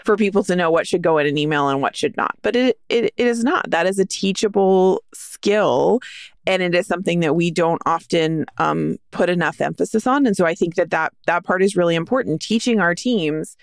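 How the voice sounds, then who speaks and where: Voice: mid-range voice, a little fast, creaky, clean tone, no echo, studio quality. A middle-aged podcast co-host who speaks in a thoughtful, agreeable way and explains points with personal examples. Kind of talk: casual podcast discussion.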